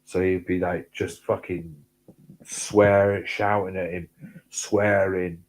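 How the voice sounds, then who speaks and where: Sweary bloke telling stories. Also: male voice, slow, rough recording. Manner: sweary rambling anecdotes, gets loud and high when excited. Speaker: host. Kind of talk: casual storytelling chat.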